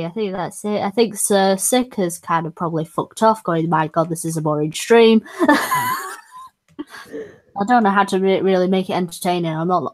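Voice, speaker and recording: A woman co-hosting a casual stream chat, rambling, swearing freely and giggling often. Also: lowish voice. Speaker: stream co-host.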